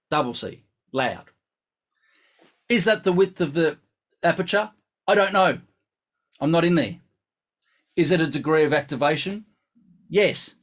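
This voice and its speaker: Sex: man. Pitch: a little higher than most men. Role: brass teacher, live online lesson. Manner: chatty and instructive. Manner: chatty, instructive, thinks aloud.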